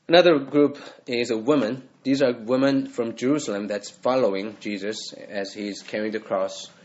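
Male pastor, earnest conversational sermon, middle pitch, slightly muffled lo-fi sound. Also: steady tone, moderate pace, a little mellow. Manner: earnest, conversational preaching with acted quotes.

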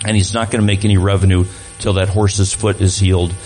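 A man's voice: low-pitched, level tone, brisk, warm tone, poor audio. A man speaking as a guest at a church, talking to the congregation in a conversational way and often restarting his sentences. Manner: conversational, repeats words while restarting.

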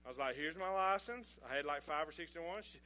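A man's voice: on the high side, racing, pushed and bright. A middle-aged man, telling a folksy, chuckling story as a sermon illustration. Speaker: pastor.

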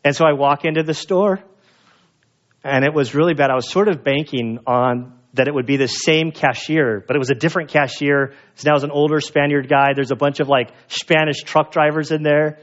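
A male pastor with a fairly high voice delivers a sermon in a loose, chatty storytelling manner. The recording sounds somewhat dull and lo-fi, with a muffled top end. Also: fairly even intonation, normal speed. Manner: casual storytelling, conversational with fillers.

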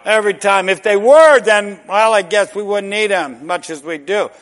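A middle-aged man preaching a sermon, folksy and emphatic, dropping to a hush and then rising loud on drawn-out words. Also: sits high. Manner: folksy and conversational, repeats "amen". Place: church service.

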